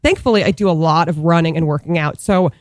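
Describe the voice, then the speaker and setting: A woman in her thirties telling a story in casual chat, animated, packed with fillers, laughing often. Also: low-pitched, fast talker, no room sound.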